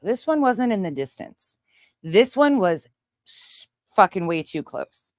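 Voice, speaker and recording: A young woman from Montana, a livestream host chatting casually with viewers and telling a story in a profane, animated way. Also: medium pitch, measured pace, dry recording, studio quality. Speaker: livestream host reading chat.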